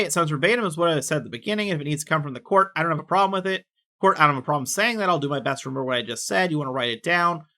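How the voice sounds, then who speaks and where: A man reading court records aloud with casual commentary, quick and offhand, dropping in personal asides. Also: fairly high pitch, sharp tone.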